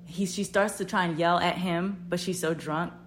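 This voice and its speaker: A woman podcast host telling a story in a casual, animated, profane way, her voice jumping up loud when she quotes herself. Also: on the low side, normal speed, slight background noise.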